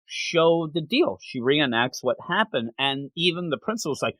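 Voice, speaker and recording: A man's voice: on the high side, animated, normal speed, a bit bright, dry recording. A man co-hosting a manga review podcast, retelling the story in casual chat and acting out the characters' lines.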